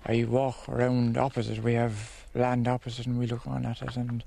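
Gravelly Irish man, flat and halting. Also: mid-range voice. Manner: halting, thoughtful, with many "uh"s. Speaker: local parishioner. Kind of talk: interview reflection.

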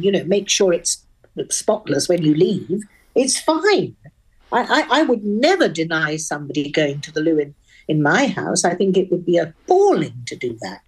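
An older Englishwoman with a posh Oxford accent, a guest in a radio interview, speaking frankly and wittily with crisp diction. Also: on the low side, darkish tone. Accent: upper-class English (Oxford). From England.

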